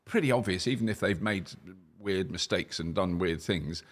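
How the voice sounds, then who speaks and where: A man's voice: low voice, normal speed. A man hosting a casual kitchen-table chat, musing and thinking aloud as he talks. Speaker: host.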